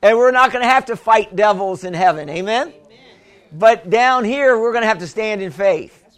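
A man's voice: high-pitched, lively intonation, normal speed. A male pastor preaching a sermon, calling on the congregation for amens and repeating phrases for emphasis. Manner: preaching with call-and-response, asking for amens.

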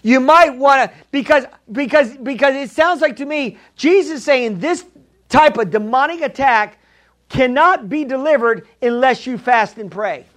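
A man's voice: very high-pitched, expressive, measured pace, fairly bright tone. A man preaching a sermon as pastor, emphatic and repetitive, calling out to the congregation. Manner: emphatic preaching, repeats key lines, calls to congregation.

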